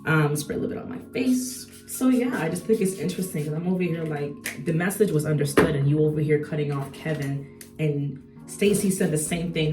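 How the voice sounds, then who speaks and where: A woman's voice: sits low, a little fast, roomy sound, recorded from a distance, over music. A young adult woman talking casually while she does her makeup, chatty and slangy with lots of rhetorical asides. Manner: slangy and animated. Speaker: beauty vlogger.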